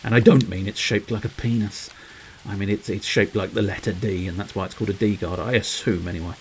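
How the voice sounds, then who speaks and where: A man's voice: on the low side, fairly even intonation, fast, a little hiss or hum, rough recording. A man streaming a game, rambling playfully to his viewers with cheeky innuendo. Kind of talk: casual livestream commentary.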